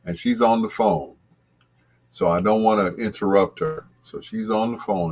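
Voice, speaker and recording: A man hosting a radio show, telling a casual story in a rambling way, full of restarts and asides, with his voice jumping up when he gets excited. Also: lowish voice, normal speed.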